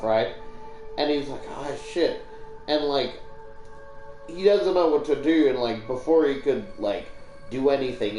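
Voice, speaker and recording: A man's voice: mid-range voice, warm tone. A young Australian man casually retelling a horror book for his channel, rambling with lots of fillers and swearing freely. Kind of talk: casual story recap with commentary. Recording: echoey room with faint music.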